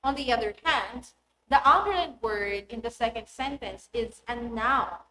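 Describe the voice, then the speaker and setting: In a recorded classroom lesson, a woman English teacher with a fairly high voice pronounces example words one at a time, stressing each carefully. She speaks at a moderate pace, and the roomy, echoey recording has a noisy background.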